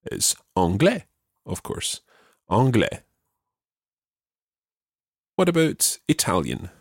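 A man with a low, slightly husky voice teaches a podcast language lesson. His pitch moves a great deal as he patiently repeats phrases slowly for listeners. The sound is dry and close. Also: wildly swooping pitch, no echo.

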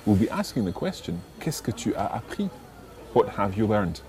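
A man teaching a podcast language lesson, patiently repeating each phrase slowly for learners. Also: lowish voice, very animated, a little mellow.

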